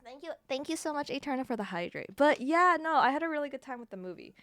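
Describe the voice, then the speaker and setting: A woman streamer tells stories to her chat, laughing often and swearing freely. Her voice sits a little high and swoops up and down with a lot of expression. The sound is close and dry, with no room echo. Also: quick pace. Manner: animated storytelling with frequent laughs and swearing. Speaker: live streamer. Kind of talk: casual chat to stream viewers.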